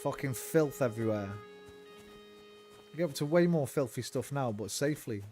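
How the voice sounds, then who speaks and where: A man's voice: mid-range voice, animated, normal speed, mellow, faint music behind. Profane, chatty man. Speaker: streamer. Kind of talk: casual gameplay commentary.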